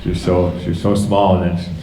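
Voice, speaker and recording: Middle-aged guy talking at a memorial, really deep voice, keeps restarting, echoey church. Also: little pitch movement, mellow, a little hiss or hum. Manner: halting, with many restarts. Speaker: father of a friend giving a memorial tribute. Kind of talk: unscripted memorial speech. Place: church hall. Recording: echoey hall.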